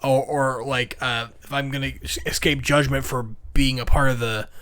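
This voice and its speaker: A man's voice: mid-range voice, flat delivery, moderate pace, a bit bright, clear, resonant tone. A young man co-hosting a casual movie review chat, eagerly retelling the plot. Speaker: podcast co-host.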